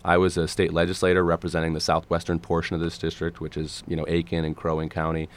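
A man in his thirties from Minnesota, speaking as a guest candidate on a radio interview, his voice gravelly and a little hoarse, earnest with many restarts. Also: low voice, completely flat delivery, quick pace. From Minnesota, USA. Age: 30s. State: gravelly, slightly hoarse today. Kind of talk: radio interview, policy talk.

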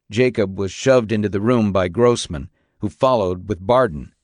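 Male narrator, audiobook, low voice, dry close recording, steady. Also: moderate pace, no room sound. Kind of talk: scripted narration.

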